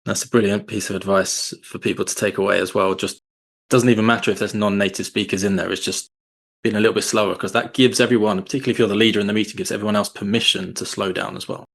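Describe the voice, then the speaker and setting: A podcast host with a low, gravelly voice, speaking in a measured and appreciative way. He asks his guest questions and sums up their points. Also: flat delivery. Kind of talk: interview questions and reflections.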